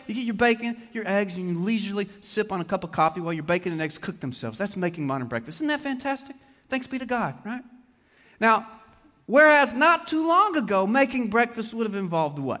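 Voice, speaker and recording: A man preaching a sermon to a congregation in an animated way, often putting questions to his listeners. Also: high-pitched. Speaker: pastor. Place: church hall with congregation. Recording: long hall reverb.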